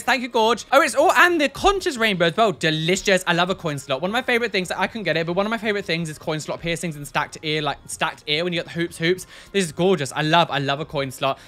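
A man's voice: high-pitched, fast talker, few pauses, pushed and bright. A man, a body piercer, hosting a casual reaction video in a camp, sassy, exclamatory way. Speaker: body piercer and show host.

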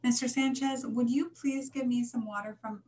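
A woman's voice: on the high side, fairly even intonation, normal speed, a little mellow, echoey room, slight background noise, pitched above the performer's own voice, close to an everyday voice. A woman reading a storybook aloud and voicing an eager, stubborn schoolgirl who talks in a hopeful, insistent way.

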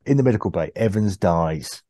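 Low-voiced man recapping casually. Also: lively intonation, fairly quick, mellow, no room sound, clean studio sound. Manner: laid-back, recounts plot with frequent laughs and fillers. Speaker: podcast co-host. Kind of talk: casual chat recapping an episode.

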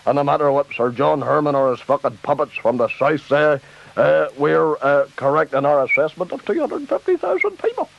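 A man's voice: fairly high pitch, sing-song, fairly quick, gravelly, heavily acted. A man with a Northern Irish accent doing a comic impression of a ranting, foul-mouthed loyalist preacher-politician. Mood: boastful. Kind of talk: comic radio sketch impression. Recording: dull lo-fi tape with faint hiss.

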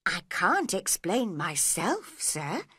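A woman's voice: lowish voice, wildly swooping pitch, slow pace, a bit bright, slightly rough, exaggerated voice. A woman voicing a polite, puzzled young girl who talks earnestly and asks many questions.

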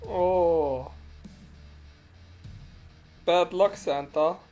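A man putting on a fake Russian accent to play a crude, excitable commentator called Vladimir, swearing and laughing over a game. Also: high voice, extremely slow, dull audio, faint music behind, full character voice. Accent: put-on Russian accent. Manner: swears a lot, laughs and yelps at crashes. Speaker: gameplay commentator. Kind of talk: comic game commentary in character.

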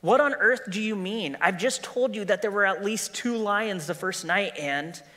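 A man's voice: high-pitched, normal speed, pushed and bright, voice pushed up. A man voicing a frightened, puzzled young boy who asks raised, questioning lines. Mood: bewildered. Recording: long hall reverb with guitar music.

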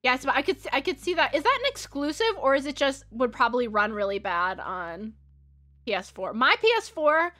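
A woman's voice: sits high, sing-song, a little fast. A woman streamer with a Valley Girl accent, chatting casually while she draws, rambling and giggling with plenty of "like". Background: soft background music.

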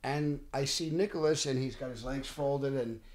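A middle-aged man, an actor telling animated stories on a podcast. He often restarts sentences and acts out what people said. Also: mid-range voice, normal speed. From Bensonhurst, Brooklyn, New York. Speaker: actor guest. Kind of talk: casual podcast storytelling.

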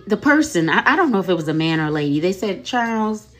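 A woman's voice: medium pitch, sing-song, quick pace, fairly bright tone. Chatty woman retelling online drama. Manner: chatty, laughing, repeats "okay?" and "y'all". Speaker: commentary host. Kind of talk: casual commentary on social media drama.

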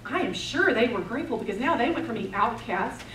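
A woman preaching a sermon at a retreat, telling the story with passion and swinging between loud declarations and hushed, intense moments. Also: on the high side, lively intonation, brisk, slight background noise. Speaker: women's retreat speaker. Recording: roomy, distant mic, faint ambience.

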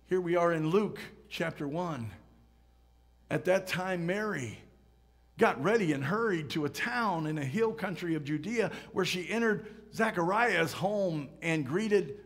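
A man preaching a sermon, swinging from loud emphatic rises to hushed near-whispers. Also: a little high. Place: church sanctuary. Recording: church hall reverb.

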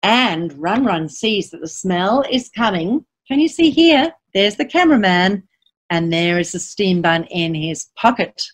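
A woman, a children's author, reading a picture book aloud to children as an animated storyteller, reciting rhyming verse and asking her listeners questions. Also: mid-range voice, unhurried. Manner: reads rhyming verse in lively sing-song.

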